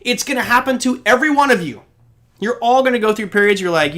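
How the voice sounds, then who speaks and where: A man's voice: high-pitched, quick pace, a bit bright. A man in his forties hosting a live trading show, answering chat questions bluntly and acting out quoted reactions.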